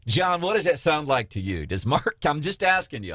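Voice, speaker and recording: A man hosting a political talk radio show, animated and mocking, slipping into quoted voices as he chats with his co-host. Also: medium pitch, normal speed, long pauses, a little hiss or hum.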